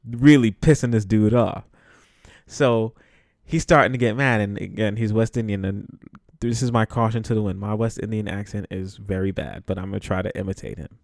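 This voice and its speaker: A man's voice: on the low side, no echo, studio quality. Laid-back young man from the Bronx. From the Bronx, New York. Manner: laughs often, profane and loose. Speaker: podcast host. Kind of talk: casual storytelling monologue.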